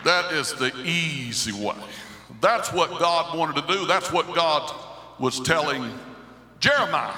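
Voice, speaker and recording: A man preaching a Pentecostal sermon, moving from quiet talk up to loud, high shouting. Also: expressive, a little slow. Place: church sanctuary. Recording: echoey hall with congregation.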